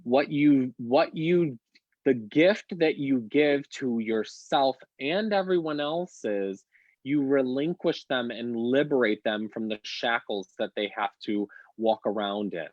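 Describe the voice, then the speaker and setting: A man's voice: medium pitch, slow pace, darkish tone, no echo. Male co-host, earnest and rambling, dry muffled sound. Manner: earnest, rambling with restarts, addresses listeners. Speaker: podcast co-host. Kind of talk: casual podcast conversation.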